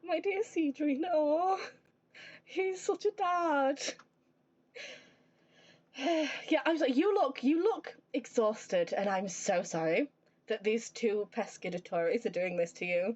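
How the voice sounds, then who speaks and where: A woman streamer giving live game commentary, animated and playfully exasperated. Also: a little high, slow pace, pauses often, dull audio.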